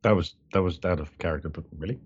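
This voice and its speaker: A man's voice: low voice, quick pace, highs cut off, a little hiss or hum. A man playing a tabletop game, asking questions and slipping in and out of character. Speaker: player. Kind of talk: tabletop role-play.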